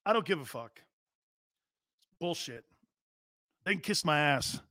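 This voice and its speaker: A cocky young quarterback who shrugs everything off with low, mumbled curses, as a man puts him on. The voice sits high and draws out its words lazily. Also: animated, a little slow, pushed and bright, dry recording, clean studio sound. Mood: dismissive. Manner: swaggering, profane, mumbled.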